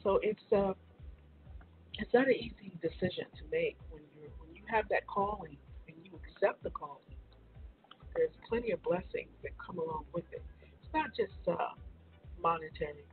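A woman hosting a casual morning radio show, chatty and relaxed, with a raspy morning voice. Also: on the low side, normal speed, faint music behind. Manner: chatty, laughs easily, many fillers. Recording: phone-line internet radio.

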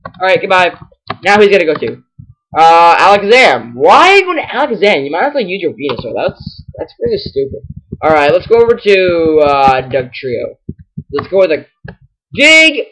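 A man giving let's play commentary on a game, excitable, rambling and self-deprecating. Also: high voice, slightly rough, rough recording. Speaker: gaming channel host.

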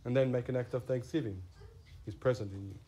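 A Catholic priest giving a sermon in an earnest way, stressing key words. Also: male voice, mid-range voice, fairly quick, mellow, breathy edge.

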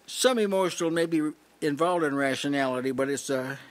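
A man delivers a sermon in a conversational teaching tone, pausing to restart his thoughts and asking his listeners to see his point. His voice sits a little high for a man. He talks to a small gathering in a house church. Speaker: preacher.

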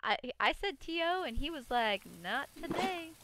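High-voiced young woman streaming a game. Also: animated, normal speed, noisy background. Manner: chatty, giggly, talks to enemies in a baby voice. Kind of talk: live gameplay commentary. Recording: music playing under the voice.

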